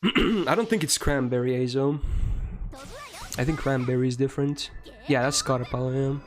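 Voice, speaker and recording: A man's voice: mid-range voice, normal speed. Casual young male game streamer. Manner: chatty, rambling, swears freely. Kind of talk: casual chat answering viewers while playing a game.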